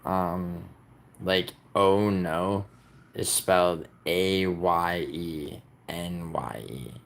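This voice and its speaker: A man's voice: low voice, steady tone, extremely slow, vocal fry, fairly bright tone. A young man from the United States hosting a casual livestream, rambling and teasing his viewers as he reads comments aloud. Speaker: livestream host.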